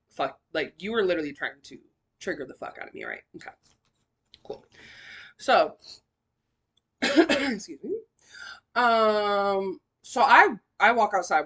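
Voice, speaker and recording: A woman's voice: mid-range voice, a bit bright. Slangy woman telling her story. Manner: slangy, profane, emotional. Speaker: podcast host. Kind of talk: personal storytelling.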